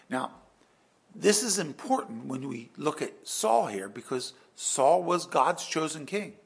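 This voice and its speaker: Male pastor, husky and bright-voiced, dramatic emphatic sermon style. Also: medium pitch. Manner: emphatic, dramatic storytelling, swings between hushed and loud.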